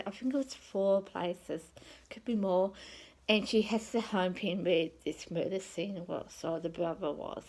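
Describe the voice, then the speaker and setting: A woman's voice: mid-range voice, gravelly, a little mellow, poor audio. A woman, a psychic, telling a rambling personal story in a casual, conversational way that often trails off.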